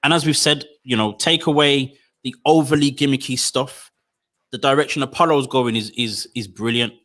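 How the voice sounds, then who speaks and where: A man co-hosting a casual review chat, animated and slangy, often stammering as he restarts his sentences. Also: mid-range voice, moderate pace. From United Kingdom. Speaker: podcast co-host.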